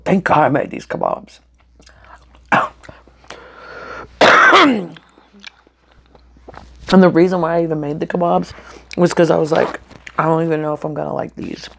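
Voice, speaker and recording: A woman talks to her viewers between bites in a casual eating-show chat. Her voice has a gravelly, creaky edge, and she is blunt, swears, then says sorry for it. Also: low-pitched, measured pace, long pauses, fairly bright tone. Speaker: mukbang vlogger.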